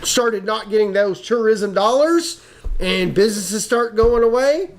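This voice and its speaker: A man's voice: high-pitched, measured pace. A man co-hosting a comedy news podcast, reading stories and throwing in sarcastic wisecracks. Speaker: podcast co-host. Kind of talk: casual comedic news chat.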